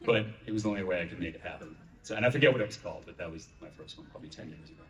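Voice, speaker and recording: A man's voice: sits low, rapid-fire, fairly bright tone. A male audiobook narrator on a convention panel, telling rambling, self-deprecating anecdotes. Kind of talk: relaxed anecdotal storytelling. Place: large convention panel room. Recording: echoey hall, distant mic.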